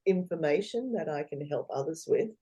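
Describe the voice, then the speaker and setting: A woman's voice: deep voice, normal speed, slightly rough. A woman, a guest in a casual interview, talking animatedly and acting out what others say. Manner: animated, acts out quoted voices, laughs often.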